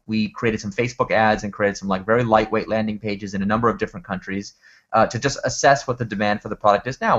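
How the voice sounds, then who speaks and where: Man, rapid storyteller, frequent restarts, muffled lo-fi sound. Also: lowish voice, a bit bright. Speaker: guest speaker. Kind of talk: animated anecdote in conversation. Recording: dull lo-fi recording.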